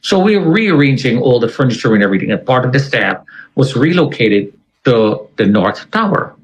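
A man's voice: medium pitch, very animated, normal speed, poor audio. A man, an interview guest, retelling a personal story in a conversational way and acting out the voices of people he quotes.

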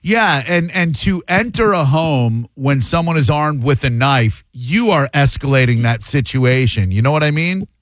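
Man, radio talk host, slightly high voice, blunt, opinionated, dry studio sound. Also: expressive, moderate pace, hardly any pauses, dry recording. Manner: blunt, opinionated, repeats words when heated. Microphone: studio microphone.

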